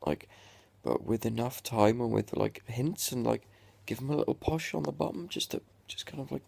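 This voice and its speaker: Young guy, sarcastic exasperated ranter, gravelly and unhurried, dry close sound. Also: mid-range voice, steady tone, darkish tone, dry recording. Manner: sweary, exasperated, sarcastic rant. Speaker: vlogger. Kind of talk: ranting reaction vlog.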